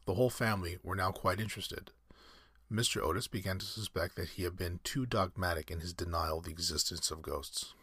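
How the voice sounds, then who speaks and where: A man reading a classic story aloud in measured, scripted narration. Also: deep voice, fairly even intonation, bright, forceful tone, slightly rough, no echo, studio quality.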